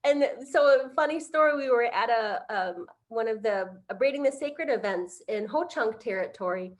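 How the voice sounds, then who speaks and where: A middle-aged woman on a video call, telling a heartfelt personal story on a panel, halting with many fillers. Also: fairly high pitch, animated. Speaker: conference panelist.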